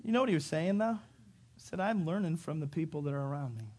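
Animated, higher-voiced man preaching a sermon. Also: fast talker. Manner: animated, acts out quotes with sudden loud shouts. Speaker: pastor.

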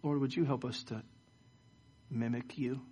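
Middle-aged pastor preaching. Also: male voice, medium pitch, steady tone, measured pace, darkish tone, slightly rough. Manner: storytelling with frequent stammered word repeats. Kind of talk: sermon with closing prayer. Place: church service.

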